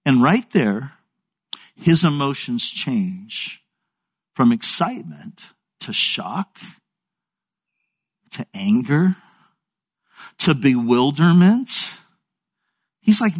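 A man preaching a sermon, telling the story in a lively way and acting out the characters' dialogue, with frequent stammered restarts. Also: medium pitch, drawn-out words, long pauses, husky. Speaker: pastor.

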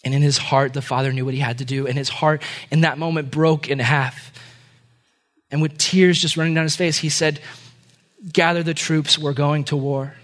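A man's voice: fairly high pitch, fairly even intonation, brisk. A man preaching a sermon, telling a dramatic parable. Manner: dramatic storytelling. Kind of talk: sermon storytelling.

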